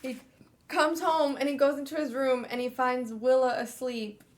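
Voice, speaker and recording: Animated, teasing woman on a stream. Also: high-pitched. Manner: animated, teasing, quick laughs. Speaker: co-host of a book club stream. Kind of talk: casual chat.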